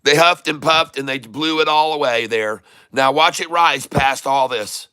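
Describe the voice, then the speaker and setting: A middle-aged man hosting a live day-trading stream, giving excited running commentary and calling out to his viewers as "folks.". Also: medium pitch, unhurried, smooth, no room sound, studio quality.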